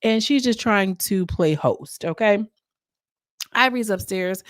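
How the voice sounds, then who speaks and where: A woman's voice: medium pitch, animated, measured pace, no echo, clean studio sound. A woman hosting a casual recap vlog, reviewing a reality TV episode with chatty, sassy asides.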